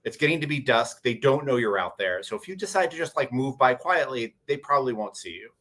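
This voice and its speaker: A man's voice: medium pitch, lively intonation, brisk, fairly bright tone. A man on a convention panel, animatedly telling a tabletop game story with many restarts. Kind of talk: casual panel chat.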